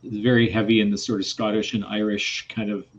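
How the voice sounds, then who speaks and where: A man's voice: lowish voice, level tone, fairly quick. A man on a video call chats casually and adds lots of short agreements. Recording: muffled call audio with faint hum.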